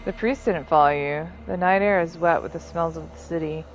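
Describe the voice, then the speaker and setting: A woman narrating as game master of a tabletop role-playing game, in measured, descriptive narration. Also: low voice, over music.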